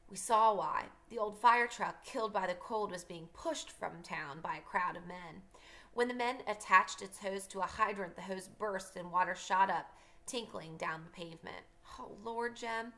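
A woman teacher reading a novel aloud for her class, pausing to explain passages to students. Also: mid-range voice, a bit bright.

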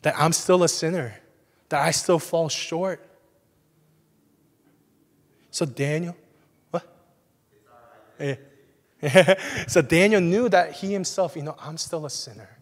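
A man's voice: a little high, slow pace, long pauses. Young male pastor preaching in a hall. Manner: conversational, frequent "right?" asides. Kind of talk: sermon. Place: church sanctuary. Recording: long reverb of a church hall.

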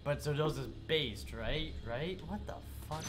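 A man's voice: on the high side, a little slow, music in the background. A man streaming a game live while sick, chatting to viewers and swearing at the game. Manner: swears and yells at the game, chats with chat. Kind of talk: live gameplay commentary.

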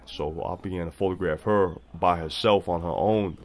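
Deep-voiced man telling a street story. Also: fairly even intonation, normal speed, crowd noise. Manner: casual street slang, retells dialogue. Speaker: street photographer. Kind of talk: documentary voice-over storytelling.

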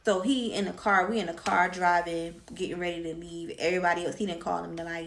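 A woman's voice: lowish voice, level tone, fast talker, few pauses, a bit bright. Young woman telling a candid story. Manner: candid, slangy, swears freely. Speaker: vlogger. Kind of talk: casual storytime.

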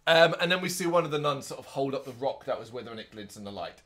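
A man co-hosting a podcast, chatting casually and recapping a movie in an animated way, with quick asides in put-on voices. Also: medium pitch. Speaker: podcast co-host. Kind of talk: casual movie review chat.

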